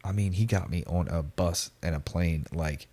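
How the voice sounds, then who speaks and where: A man in his forties telling a story casually on a podcast, slangy and animated, acting out the voices of the people in it. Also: low-pitched, normal speed, husky. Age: 40s. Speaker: podcast guest.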